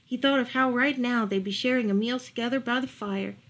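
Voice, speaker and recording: A woman librarian reading a picture book aloud as a bedtime story, gentle and expressive. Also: fairly high pitch, brisk. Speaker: children's librarian.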